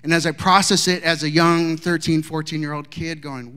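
A middle-aged man giving a sermon, telling a story and moving between quiet asides and raised, emphatic lines. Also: a little high, fairly even intonation, normal speed, clear, resonant tone. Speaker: pastor.

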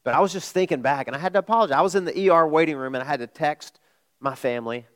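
A middle-aged man preaching a sermon, telling a personal story in a conversational way, jumping from loud asides to hushed admissions. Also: on the high side, rapid-fire. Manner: conversational, with restarts and sudden swings from loud to hushed. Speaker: pastor.

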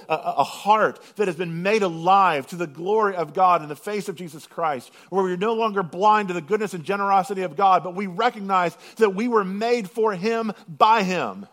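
A pastor with a high-sitting voice preaches a sermon, swinging from loud, drawn-out proclamation to hushed intensity. He slows right down on scripture lines.

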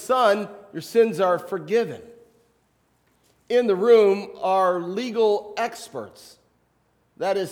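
A man's voice: high-pitched, long reverb tail. A man, a pastor, preaching a sermon in a conversational way, with rhetorical questions and light humor.

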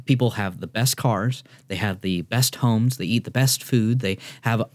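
A man's voice: on the low side, moderate pace, no room sound. A man co-hosting a faith podcast, speaking casually and reading a scripture passage. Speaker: podcast co-host.

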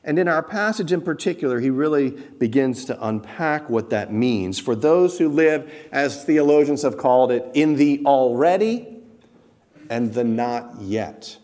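At a measured pace, a pastor with a mid-range, expressive voice delivers a forceful, direct sermon. He asks the congregation rhetorical questions and climbs toward loud stresses that he repeats.

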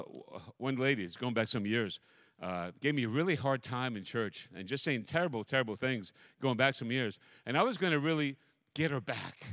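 A man preaching as a pastor in a church, telling a story with animated, repetitive preaching cadence. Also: medium pitch, dry recording, studio quality. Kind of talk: sermon.

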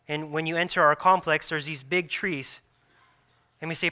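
A man in his thirties, a pastor preaching a sermon earnestly, repeating phrases and restarting softly. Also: a little high, fairly even intonation, normal speed, smooth.

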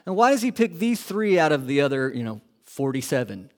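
A man preaching a sermon as a pastor, asking the congregation questions and moving between loud emphasis and hushed, quiet lines. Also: fairly high pitch, sing-song, fairly quick.

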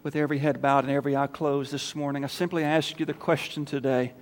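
A man preaching a sermon as pastor, emphatic, swinging between loud calls and quiet appeals. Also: mid-range voice, fairly even intonation, fast talker. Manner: emphatic, rising to loud calls then dropping soft for prayer. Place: church sanctuary. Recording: church hall reverb.

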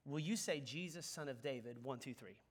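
A man preaching a sermon, animated and conversational, leading the congregation in call-and-response. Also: mid-range voice, a little fast. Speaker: pastor.

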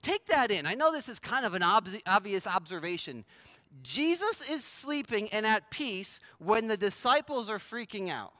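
A man's voice: high voice, big pitch swings, normal speed, bright, forceful tone, no echo. A man preaching a sermon as pastor, conversational and emphatic, with a prayer before he reads and explains scripture.

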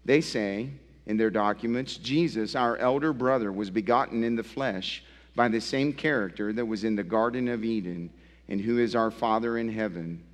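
A pastor preaching a sermon with emphatic repetition, his delivery swinging between low, quiet passages and loud, climactic ones. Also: normal speed. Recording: long hall reverb.

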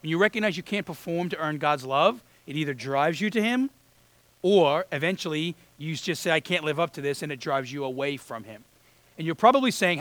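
A man's voice: fairly high pitch, a bit bright, dry recording. A man preaching a conversational sermon as a pastor, acting out the voices he quotes.

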